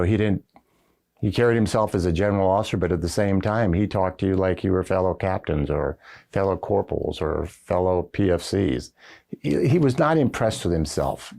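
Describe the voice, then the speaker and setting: With a low, darkish voice and some vocal fry, an older retired Marine general recounts stories during a recorded oral history interview. He rambles folksily, dropping plenty of "uh" and "you know," and is picked up by a camera setup with the interviewer behind it.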